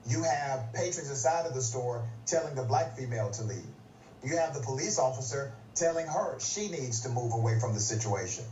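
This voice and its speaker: A man in the middle pitch range delivers emphatic commentary and poses pointed questions. He sounds set back from the mic in a roomy space. The clip's sound is dull, with faint noise underneath. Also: expressive, moderate pace, a little mellow. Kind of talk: scripted commentary. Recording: roomy, distant, dull clip.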